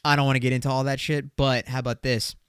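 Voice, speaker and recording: A man's voice: mid-range voice, little pitch movement, quick pace, a bit bright, smooth, dry recording, clean studio sound. A young man hosting a casual solo podcast, talking in a loose, slangy way and swearing as he jokes. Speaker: podcast host.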